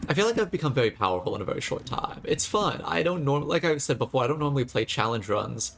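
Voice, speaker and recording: A man commenting on his live gameplay, chatty and quick to toss off sarcastic jokes. His voice sits at an ordinary middle pitch. He talks straight to his viewers. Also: animated, gravelly, a bit bright, slight background noise. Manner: chatty and jokey, sarcastic asides. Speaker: streamer.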